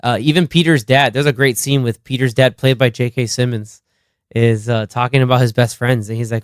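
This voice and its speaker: A man co-hosting a casual movie podcast, excited and laughing often while he acts out lines from the film. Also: medium pitch, fairly quick, clear, resonant tone, no echo, studio quality. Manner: animated, laughing, acts out quotes. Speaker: podcast co-host.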